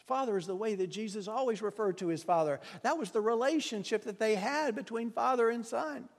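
Male preacher, high voice, impassioned sermon, hushed then loud, long reverb of a church hall. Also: a little fast, few pauses.

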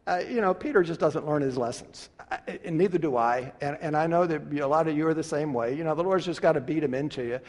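A man delivering a sermon as a pastor, animated and full of rhetorical questions, swinging from loud to hushed. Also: on the high side, quick pace, few pauses. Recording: long reverb of a large hall.

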